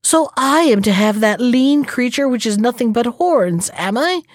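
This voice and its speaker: A woman's voice: fairly high pitch, expressive, a little slow, no room sound, studio quality. Woman doing a proud hot-tempered lion. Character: proud hungry male lion, quick-tempered.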